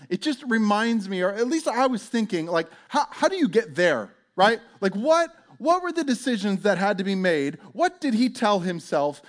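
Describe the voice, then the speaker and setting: A middle-aged male pastor telling a story in a sermon, chatty and conversational, acting out the voices of the people in it. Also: high voice. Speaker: pastor and police chaplain. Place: church.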